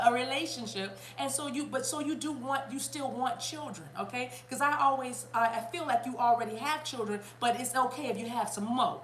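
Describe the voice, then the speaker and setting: A chatty, animated woman from South Carolina, giving a casual spiritual reading to her viewers. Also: a little high, moderate pace, few pauses, roomy sound, slight background noise. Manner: animated, chatty, bursts into laughter and song. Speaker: spiritual reader.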